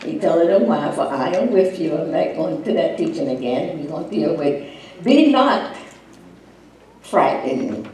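A woman preacher delivering a sermon, emphatic and building to loud, fervent peaks. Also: low-pitched, fairly quick, a little hiss or hum. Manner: emphatic, swelling to loud climaxes. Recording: echoey room, distant mic.

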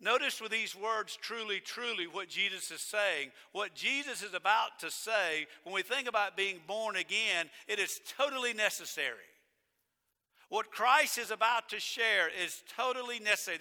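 Male pastor, high-pitched, very bright tone, emphatic sermon delivery, long church reverb. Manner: emphatic, repeats phrases, slows down to stress key words. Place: church sanctuary.

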